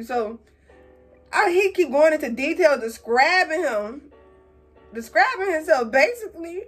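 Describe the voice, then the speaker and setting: A young woman vlogger telling a casual story while doing her makeup, animated and slangy, acting out quotes in a higher voice. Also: a little slow, pauses often, soft background music. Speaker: beauty vlogger.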